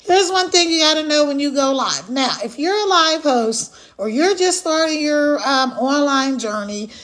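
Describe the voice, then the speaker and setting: A woman with a high voice hosts a casual livestream. She chats straight to her viewers, talkative and animated. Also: moderate pace. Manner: chatty, animated, addresses viewers directly. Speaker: livestream host.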